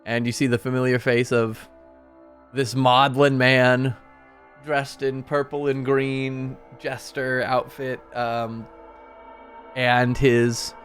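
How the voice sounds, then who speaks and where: A man's voice: medium pitch, level tone, slow pace, fairly bright tone. A man narrating as game master on a stream, casual and rambling with fillers. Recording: music playing behind.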